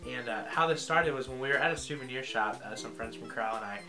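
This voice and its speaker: A young American man talks through his day in a loose, rambling way, full of "like" and "um". His voice sits at an ordinary middle pitch, with music playing clearly underneath. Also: fast talker, low-quality recording. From United States. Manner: relaxed, rambling, lots of likes and ums. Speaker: vlogger on a choir tour. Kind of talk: casual vlog recap.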